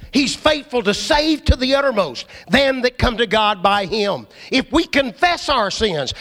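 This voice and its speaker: High-voiced preacher in a reverberant hall. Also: male voice. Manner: dramatic, swings between loud emphasis and hushed low asides. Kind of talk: sermon.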